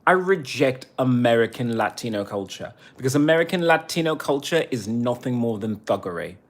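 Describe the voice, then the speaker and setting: A man's voice: mid-range voice, expressive, fairly quick. A man streaming live, ranting in a heated, profane way and turning sarcastic as he reads the chat. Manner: sarcastic when reading chat. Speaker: livestreamer. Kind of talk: angry livestream rant.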